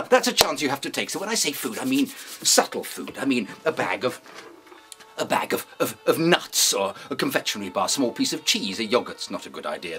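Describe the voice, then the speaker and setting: A man giving an acting lesson in a pompous, deadpan, mock-serious way. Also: mid-range voice. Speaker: acting teacher. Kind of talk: mock-serious instructional talk.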